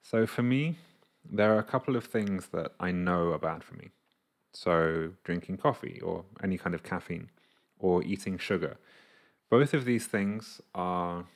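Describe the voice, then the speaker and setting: Speaking casually to the camera, a male coach reflects on an idea, illustrating it with his own examples and acting out the voices in his head. His voice is low and creaky.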